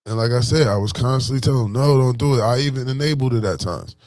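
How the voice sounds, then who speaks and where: This Buffalo-born vlogger talks fast in a medium-pitched, darkish voice with an unmistakable Buffalo, New York accent. His motivational chat is casual and slangy, loaded with "you know what I'm saying." The studio recording is clean, without room sound.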